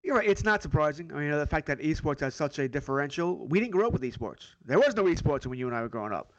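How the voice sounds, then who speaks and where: A middle-aged man speaks as a guest sports analyst, talking fast and quick to agree and reflect. His voice is fairly high. The recording is dry and dull, with a muffled top end. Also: very animated, no echo. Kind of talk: casual sports talk.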